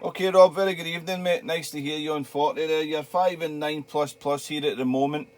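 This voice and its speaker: A man's voice: a little high, brisk. A middle-aged man with a Scottish accent, chatting casually and rambling a little as a ham radio operator in his home radio shack. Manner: relaxed, chatty, laughs easily, rambling.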